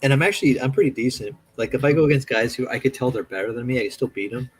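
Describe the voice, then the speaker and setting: A man's voice: medium pitch, very fast, rough recording. A man in casual chat while drawing on stream, telling stories animatedly and acting out quotes with a raised voice. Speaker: streaming artist.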